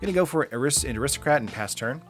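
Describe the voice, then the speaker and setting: Male host, brisk and casual, game commentary peppered with fillers, soft music bed. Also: mid-range voice, animated. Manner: quick, casual, lots of fillers. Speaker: card game channel host. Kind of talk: deck breakdown and gameplay commentary.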